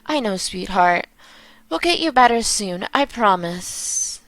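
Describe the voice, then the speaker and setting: A woman voicing a worried young mother who soothes her sick child in a gentle, tender way while reading game dialogue aloud. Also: medium pitch, lively intonation, slow, dry recording.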